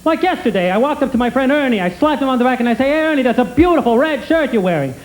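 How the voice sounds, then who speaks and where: A man's voice: extremely high pitch, animated, fast, poor audio. A man doing a stand-up comedy routine in a sketch, with brash wisecracking patter that needles the audience. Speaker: stand-up comic character.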